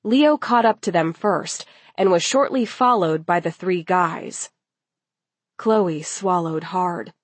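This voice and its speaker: A woman reading a story aloud as narrator, in a steady, unhurried way. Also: on the low side, breathy edge, dry recording.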